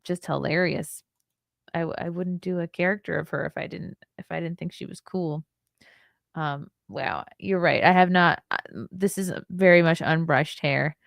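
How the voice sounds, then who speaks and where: Woman, 30s, livestream host, low voice, gravelly, wry chatty asides, tired, dry close recording. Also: no room sound. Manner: chatty and wry, laughs and ad-libs between reading. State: tired, yawning. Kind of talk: casual livestream commentary, reading news and chats.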